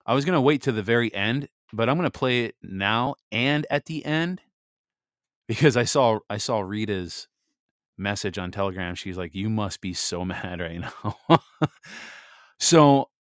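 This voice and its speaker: American male co-host, low voice, casual and self-amused, steady when reading scripture; dry close sound. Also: clean tone, no echo. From United States. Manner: chatty, laughs at himself, reads scripture in a steady measured way. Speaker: podcast co-host.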